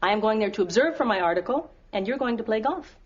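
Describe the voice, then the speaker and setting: An actress playing a witty, determined writer and Marine wife who talks in a brisk, wry, persuasive way in an old TV sitcom. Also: female voice, fairly high pitch, expressive. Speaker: wife, journalist. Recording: dull hissy TV sitcom audio with studio audience.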